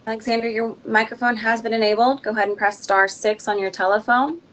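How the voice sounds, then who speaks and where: A woman's voice: fairly high pitch, fairly even intonation, quick pace, a bit bright, low-quality recording. Businesslike woman moderating a hearing. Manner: brief, businesslike. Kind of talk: procedural announcements.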